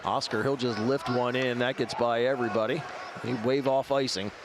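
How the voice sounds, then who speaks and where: A man's voice: mid-range voice, steady tone, background noise. Man calling hockey play-by-play. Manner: brisk, clipped play calls. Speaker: play-by-play commentator. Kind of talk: live play-by-play commentary.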